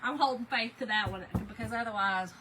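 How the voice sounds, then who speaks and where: A woman's voice: a little high, brisk, noisy background. A woman hosting a casual livestream, shaken and emotional as she confides in her viewers and often says "y'all". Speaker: livestream host.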